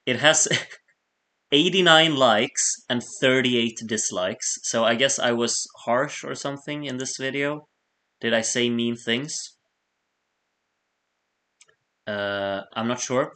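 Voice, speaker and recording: A man's voice: mid-range voice, slow, bright, forceful tone. A man hosting a late-night live stream, chatting casually, reading viewer messages aloud and laughing often as he rambles.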